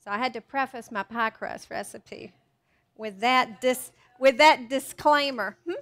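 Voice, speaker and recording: Woman, high voice, chatty cookbook author demoing recipes live, self-deprecating. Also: unhurried, fairly bright tone. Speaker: cookbook author doing a cooking demo. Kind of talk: live cooking demonstration to an audience. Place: teaching kitchen with a live audience.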